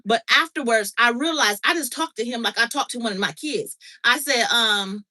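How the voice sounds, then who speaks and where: A woman's voice: fairly high pitch, moderate pace, low-quality recording. A middle-aged woman hosting a casual chat, animatedly recounting a story and checking in with her listener. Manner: animated, reenacts dialogue, frequent "okay?" check-ins. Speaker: podcast host.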